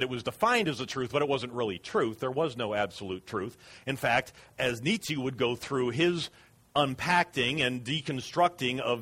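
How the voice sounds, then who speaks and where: A man's voice: medium pitch, fairly bright tone, husky. A man preaching a sermon as pastor, earnest and emphatic.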